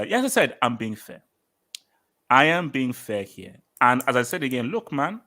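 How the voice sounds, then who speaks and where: An animated British man hosting a football talk stream and arguing with his chat. His voice has a bright, forceful edge, and he hammers his points home by repeating them. He speaks at an ordinary, mid-range pitch. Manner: emphatic, argumentative, repeats points for effect. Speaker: host of a football show reading live chat.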